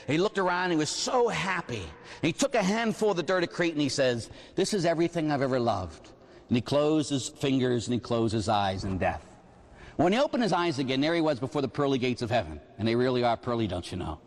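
A man preaching at a retreat, telling a story with animated delivery and frequent rhetorical asides. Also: mid-range voice, quick pace. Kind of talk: storytelling sermon. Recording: long echoing hall reverb.

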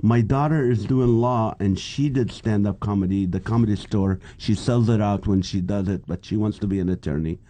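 A man's voice: on the low side, moderate pace, hardly any pauses. A man from the Middle East in his fifties, a comedian guest telling stories in a casual interview and acting out the voices of the people in them. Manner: animated storyteller, acts out quoted voices.

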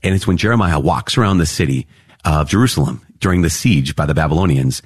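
A priest opening with prayer, then teaching Bible passages in an earnest, excitable way. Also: male voice, a bass voice, slightly rough, no echo, clean studio sound. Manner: earnest, excitable, quick asides with laughs.

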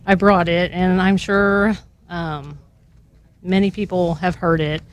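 A woman's voice: fairly low pitch, fairly even intonation, slow, lo-fi sound. A woman, a guest on a radio show, reading a litany aloud in an earnest, devout way, her voice catching with emotion. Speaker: radio guest leading prayer.

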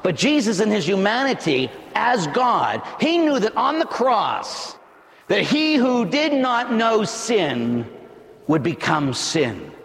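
A priest delivering a dramatic, emphatic sermon, building up to loud shouts. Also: male voice, high-pitched, big pitch swings, slow, gravelly, in a large hall.

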